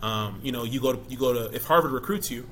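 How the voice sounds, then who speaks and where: A middle-aged man, a former college football player, talking casually in an interview as an animated storyteller who keeps asking "you know?". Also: medium pitch, quick pace, slight background noise.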